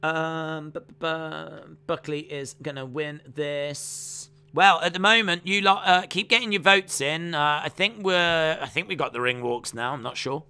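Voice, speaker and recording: A man's voice: fairly high pitch, unhurried, few pauses, bright, forceful tone, smooth. A man hosting a live fight watch-along, chatting with viewers, reading out their comments and calling the action. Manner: calls the fight action play-by-play. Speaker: live-stream host.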